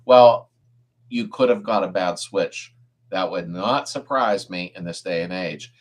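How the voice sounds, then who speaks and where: A man's voice: low-pitched, measured pace. A middle-aged man hosting a casual live-stream chat, reading viewer comments aloud and answering car repair questions in an easygoing way. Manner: laid-back, chuckles often, answers car questions.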